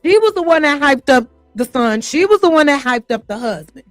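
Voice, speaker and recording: A woman's voice: high-pitched, lively intonation, brisk, no echo, faint music behind. A woman hosting casual reaction commentary, talking in a blunt, profane and heated way and firing off rhetorical questions. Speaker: host.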